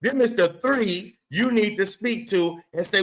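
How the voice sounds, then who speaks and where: A man with a fairly high speaking voice delivers a casual commentary rant as host of his own show. He is profane and emphatic, and he addresses the subject of his talk directly. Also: unhurried, a bit bright, low-quality recording. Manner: profane, emphatic, talks straight to the person he discusses.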